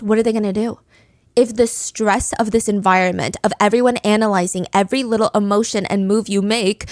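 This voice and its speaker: A woman's voice: medium pitch, dry recording. A woman hosting a true crime podcast, retelling a case in a chatty, dramatic way with casual asides. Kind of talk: casual storytelling.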